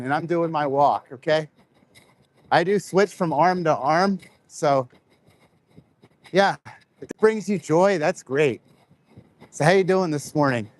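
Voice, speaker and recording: A man chatting casually to his viewers while walking laps outdoors, talking into a microphone close to his face. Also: high-pitched. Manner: chatty, rambling, addresses viewers directly. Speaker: vlogger. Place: outdoors on a walk. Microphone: clip-on microphone close to face.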